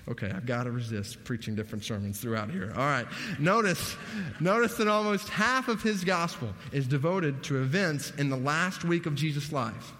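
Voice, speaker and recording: A man's voice: a little high, moderate pace. Man preaching with big hall reverb. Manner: animated preaching, rising emphatically on key points. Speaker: pastor. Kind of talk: sermon.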